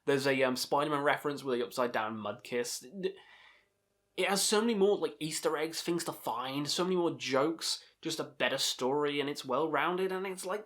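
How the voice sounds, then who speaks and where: A man's voice: fairly high pitch, moderate pace, fairly bright tone. A man hosting a video channel, giving a casual, enthusiastic film review full of swearing and laughter. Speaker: video host ranking films.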